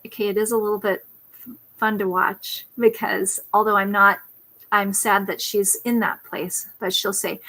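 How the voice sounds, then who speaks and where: A woman's voice: medium pitch, normal speed, fairly bright tone. A woman parenting coach telling a personal story on a talk show over a video call, reflective, now and then putting on her child's pleading voice.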